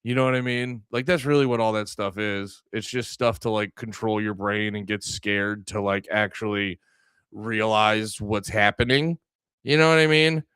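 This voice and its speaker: Male streamer host, heated profane rant, smooth resonant voice, dry close sound. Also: on the low side, fairly even intonation, normal speed, a bit bright, dry recording. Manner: angry, profane, rambling with frequent restarts. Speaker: livestream podcast host. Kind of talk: ranting livestream talk.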